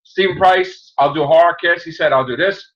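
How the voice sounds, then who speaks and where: A man hosting a casual podcast, telling stories in an animated way and acting out the people he quotes. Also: on the high side, brisk. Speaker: podcast host. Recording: muffled lo-fi audio.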